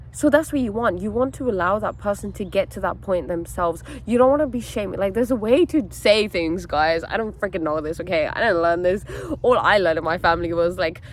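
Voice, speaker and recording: A young woman speaking at a middle pitch, earnest and animated as she tells a personal story, checking in with her listeners with "okay?" and "you know". Her voice rises and swells when she stresses a point. A faint hiss of noise sits under her speech. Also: a little fast. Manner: earnest and animated, with many fillers and "okay?" asides. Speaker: wellness content creator. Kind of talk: candid personal storytelling vlog.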